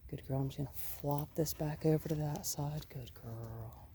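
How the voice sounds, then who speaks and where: A woman dog trainer explaining leash training outdoors on a residential road, calmly coaxing the dog and praising it often. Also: sits low, normal speed. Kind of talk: instructional walk-along narration. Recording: outdoor noise in the background.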